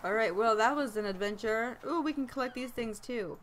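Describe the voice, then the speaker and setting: A woman playing a farming game and commenting casually, excitable, squealing and yelling at what happens on screen. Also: fairly high pitch, fairly quick, few pauses, slight background noise. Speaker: let's play gamer.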